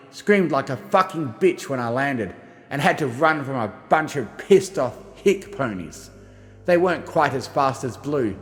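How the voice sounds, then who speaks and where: Man reading an audiobook, echoey with music. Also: mid-range voice. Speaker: audiobook reader. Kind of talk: first-person audiobook narration of a journal.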